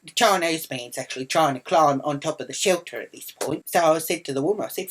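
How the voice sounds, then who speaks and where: An Australian woman with a low voice tells a storytime vlog rant. She is brash and indignant, swears constantly, and slips into the voices of the people in her story. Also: expressive, fast talker, hardly any pauses, poor audio. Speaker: vlogger. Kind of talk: ranting storytime monologue.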